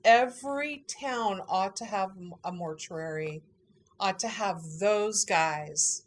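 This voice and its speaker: A woman in casual conversation, recalling family events in a chatty, animated way and laughing often. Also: medium pitch, slight background noise. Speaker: family member recounting a parent's final weeks.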